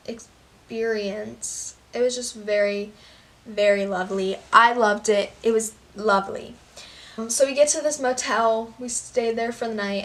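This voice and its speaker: A woman's voice: on the high side, fairly bright tone. Young female vlogger, chatty and sarcastic, filler-heavy delivery, slightly distant mic. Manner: rambling, sarcastic, heavy "like" and "basically". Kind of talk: storytime vlog.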